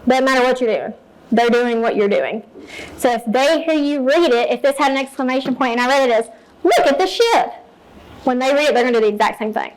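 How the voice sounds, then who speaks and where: A woman's voice: a little high, fast, a little hiss or hum, low-quality recording. A woman teacher walking fellow teachers through her reading lessons, explaining each step plainly and modeling read-alouds. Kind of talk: teacher training talk.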